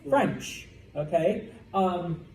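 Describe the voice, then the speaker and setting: A man's voice: sits high, lively intonation, very slow. Man teaching in an echoey classroom. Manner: checks in with "okay?" after each point. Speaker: Spanish teacher. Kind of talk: classroom lecture. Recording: roomy classroom with faint background noise.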